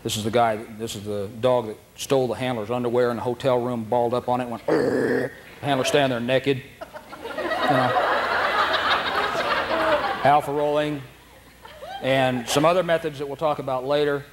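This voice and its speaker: A man's voice: mid-range voice, little pitch movement, moderate pace, pauses often, background noise. A man teaching a dog training seminar, telling stories with frequent laughs and acting out the dogs and handlers. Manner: anecdotal, laughs often, acts out dogs and handlers. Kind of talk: seminar lecture.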